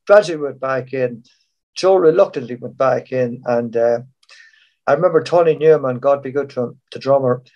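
The recording is muffled, carrying a medium-pitched male voice at a moderate pace. It's an older Irishman, formerly in a showband, telling rambling anecdotes about touring on an online panel.

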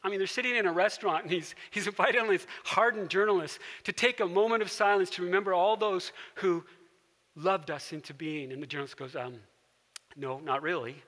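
A man preaching a sermon as pastor, telling a story and dropping to a soft hush for quiet moments. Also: high-pitched, a little fast, in a large hall. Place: church sanctuary.

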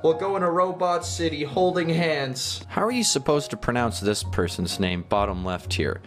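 A young man giving casual commentary as he plays a game, excitable and swinging from loud shouts to quiet muttering. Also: on the high side, normal speed, few pauses, over music. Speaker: gaming YouTuber.

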